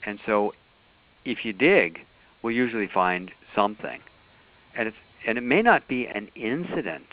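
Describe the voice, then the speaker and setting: A man teaching a workshop on a group call, explaining in a calm, patient way. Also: on the low side, normal speed. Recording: phone-like call audio.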